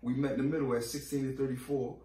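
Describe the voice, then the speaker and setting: A man in his late thirties, guesting on a podcast interview, tells his story in blunt, profane street talk and acts out other people's voices. His mid-range voice is warm, quick, and fairly flat in pitch. He sits far from the mic, off-mic in a room with echo and faint ambience.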